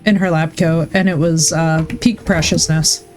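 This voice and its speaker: A woman's voice: low-pitched, fairly even intonation, moderate pace, darkish tone, faint music behind. A woman streamer chatting casually while she plays, rambling through stories and swearing freely. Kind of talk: casual chat while gaming.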